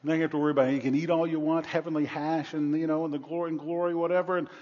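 A man's voice: a little high, level tone, rapid-fire. Male pastor preaching in a reverberant church. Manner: swings from hushed to loud and emphatic, with humor. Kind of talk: sermon. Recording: long reverb, dull lo-fi sound.

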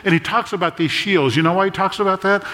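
A man's voice: high-pitched, bright, forceful tone. Older male pastor in an echoing hall. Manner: conversational storytelling with jokes and quick asides. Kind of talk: sermon. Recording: long echo of a large hall.

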